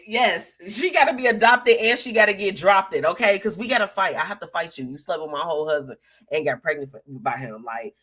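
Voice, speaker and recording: A woman's voice: lowish voice, fairly bright tone. A young woman hosting a live show, chatting casually and sassily while reading out viewer comments, with lots of slang and laughter.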